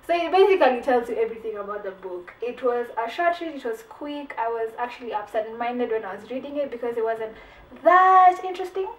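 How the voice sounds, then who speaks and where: A woman talks through her recent reads in a chatty, animated way, slipping in "like" and repeating herself as she goes. Her voice sits a bit high, and it comes from a little way off the mic in an echoey room. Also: quick pace, hardly any pauses, recorded from a distance, a little hiss or hum. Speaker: book reviewer. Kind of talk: casual book review vlog.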